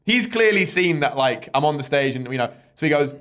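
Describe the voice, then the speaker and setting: A young man, a podcast host, tells a story with a lot of life, his pitch swinging high and low. He acts out the voices of the people in his story. He talks in a casual, chatty way. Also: brisk. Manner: animated storyteller who mimics people in quotes. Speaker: stand-up comedian and podcast host.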